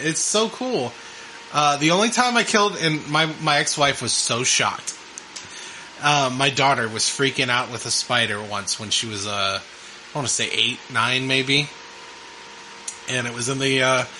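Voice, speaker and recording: A man's voice: mid-range voice, sharp tone, a little hiss or hum, low-quality recording. A middle-aged man co-hosting a casual podcast, rambling with ums and laughing often. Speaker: podcast co-host. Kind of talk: casual chat.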